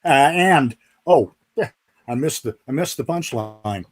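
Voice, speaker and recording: A retired fighter pilot, now an older man, tells folksy stories as a guest on a live video call. His mid-range voice is expressive and unhurried, and he chuckles whenever he restarts.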